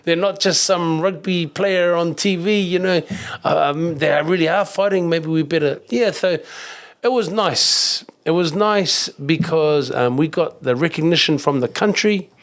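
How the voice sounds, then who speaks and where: A middle-aged man with a New Zealand accent tells stories in a casual podcast chat, his voice gravelly and set a little high. He rambles and grows animated, swearing now and then and putting on the voices of people he meets. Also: a little slow. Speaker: kickboxing champion and coach, guest. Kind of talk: casual storytelling interview.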